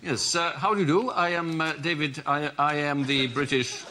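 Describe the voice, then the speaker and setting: A man's voice: fairly high pitch, steady tone, moderate pace, close to an everyday voice. A man playing a bumbling posh British prime minister who stammers and sounds pompous and flustered. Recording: loud background noise.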